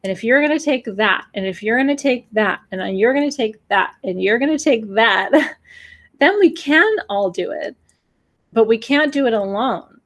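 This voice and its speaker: Speaking at an ordinary speed, this fortysomething spiritual teacher has a slightly high, animated voice. Her new moon talk is heartfelt and emotional; she pleads with listeners and occasionally performs gasps and sighs.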